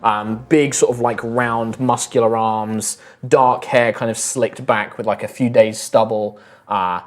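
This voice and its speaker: A man's voice: medium pitch, fairly even intonation, a little slow. A man narrating as game master for a tabletop game, chatty with many fillers.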